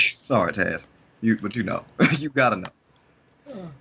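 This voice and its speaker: A man's voice: lowish voice, big pitch swings, slow pace, pushed and bright, a little hiss or hum. A man co-hosting a casual podcast chat, joking loosely and laughing between remarks. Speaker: podcast co-host.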